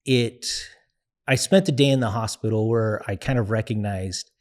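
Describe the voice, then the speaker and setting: Being interviewed as a guest, a young man recounts his story with a lowish, steady voice. The delivery is reflective and earnest, marked by frequent pauses and filler words.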